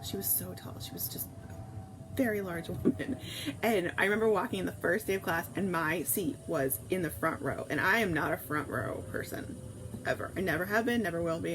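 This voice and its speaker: A woman hosting a casual morning livestream, rambling warmly about her favorite teachers and reading viewer comments aloud. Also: lowish voice, a little hiss or hum, rough recording.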